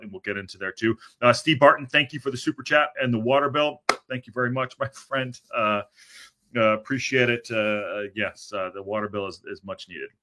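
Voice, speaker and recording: A man's voice: mid-range voice, sharp tone. A man hosting a casual football news livestream, tired and hesitant, with many fillers as he reads out chat messages. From Southern California. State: tired, low energy.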